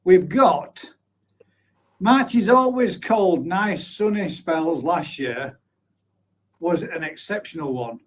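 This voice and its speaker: A man's voice: sits high, animated, slow pace, pauses often, low-quality recording. A man in his forties hosting a live stream, chatting casually and reading out viewer comments, blunt, with offhand swearing and frequent laughs. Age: 40s.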